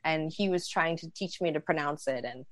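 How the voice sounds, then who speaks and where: A woman in her thirties telling a casual, animated story, acting out the lines of others. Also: deep voice, moderate pace. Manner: animated, acts out dialogue. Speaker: storyteller guest.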